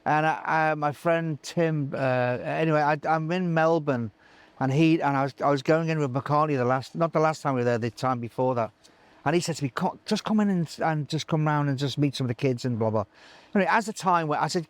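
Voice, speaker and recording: A middle-aged live sound engineer telling animated stories in an interview, acting out other people's voices with many restarts. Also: male voice, fairly high pitch, a little fast, no echo. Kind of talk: anecdotal interview chat.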